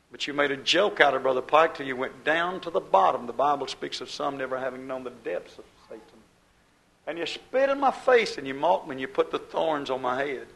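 A man's voice: fairly high pitch, lively intonation, normal speed, gravelly, fairly bright tone, low-quality recording. A man pastor preaching a fiery sermon, building emphasis and quoting scripture.

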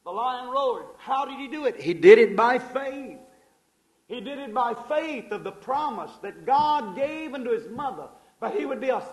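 A man preaching a sermon with a voice pitched very high for a man. He talks to his listeners in a fervent, folksy way and calls them folks. His volume swings from loud, driving passages down to hushed ones. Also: poor audio. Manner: folksy, addresses the audience as folks.

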